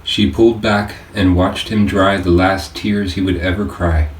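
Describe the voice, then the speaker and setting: A man reading his own audiobook aloud, with earnest, measured scripted narration. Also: deep voice, fairly even intonation. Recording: roomy distant-mic home recording with faint hiss.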